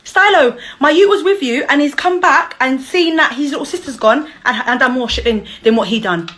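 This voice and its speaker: A woman's voice: sits high, brisk, fairly bright tone. A young woman ranting and cussing in an angry call-out vlog. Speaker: vlogger, mother.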